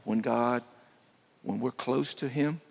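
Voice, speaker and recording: A man preaching a sermon as a guest speaker, dropping to a hushed voice to make his points. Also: medium pitch, slow pace, vocal fry. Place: church sanctuary. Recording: long church hall reverb.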